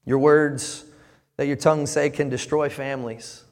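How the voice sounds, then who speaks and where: A man's voice: medium pitch, flat delivery, normal speed. A male pastor preaching a sermon in earnest, often repeating his words as he builds up. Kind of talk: sermon with live demonstration. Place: church sanctuary. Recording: long reverb of a church hall.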